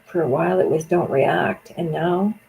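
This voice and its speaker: A furious streamer rants, full of curses. The voice is gravelly with vocal fry and a dark, mellow tone. It is a political monologue spoken straight into the stream. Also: medium pitch, moderate pace, a little hiss or hum, low-quality recording. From Canada. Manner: angry, profane, venting.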